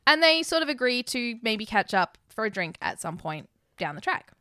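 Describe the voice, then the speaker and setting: Woman podcast cohost, chatty film recap, does little voices for the characters, bright tone. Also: a little high, sing-song, moderate pace, smooth, no echo, studio quality. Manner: chatty, laughs often, acts out lines from the film. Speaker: podcast co-host. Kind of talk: casual film recap chat.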